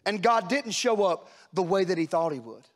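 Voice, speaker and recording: A man preaching with a notably high-pitched voice. He dramatizes scripture, dropping to near-whispers for quiet lines and rising to loud, urgent peaks as he acts out the characters. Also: animated, normal speed. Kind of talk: sermon.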